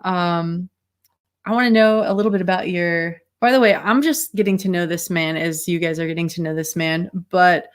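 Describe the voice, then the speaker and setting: A woman's voice: lowish voice, steady tone, moderate pace. A woman hosting a casual livestream chat over a video call, rambling with fillers and giggles. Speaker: host.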